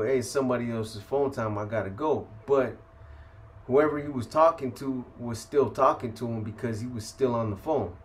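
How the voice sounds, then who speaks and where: A man from San Francisco telling a prison story in casual, profane street slang, full of "you know" and "man". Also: mid-range voice. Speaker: host telling prison stories.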